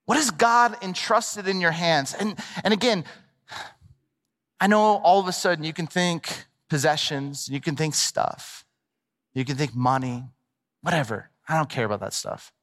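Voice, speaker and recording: Animated man preaching in a hall. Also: fairly high pitch, normal speed. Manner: animated, conversational, playful asides. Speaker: pastor. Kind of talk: sermon. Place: large church hall. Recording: long reverb of a large hall.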